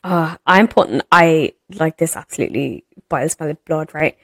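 An Irish woman in her thirties co-hosts a podcast, ranting in exasperated, sweary fashion during casual chat. Her voice sits low and is a bit bright, at normal speed, with no room sound.

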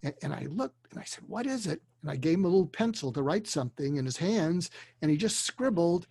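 An older man, a psychiatrist, telling a story earnestly and deliberately, dropping to a hush for emotional moments. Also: a little high, animated, slightly rough, no room sound. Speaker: guest, psychiatrist. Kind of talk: storytelling in a conversation. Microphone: video call.

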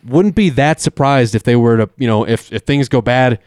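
A man's voice: medium pitch, normal speed, darkish tone, no echo, studio quality. A man co-hosting a casual sports talk show, eager and tripping over terms as he explains. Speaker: co-host.

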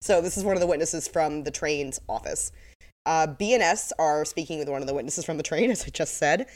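A woman's voice: low voice, a little fast, a little mellow. A woman with a slight lisp, co-hosting a casual podcast and wryly reading out quotes from her notes. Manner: wry, reads quotes from episode notes. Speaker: podcast co-host. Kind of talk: casual recap chat.

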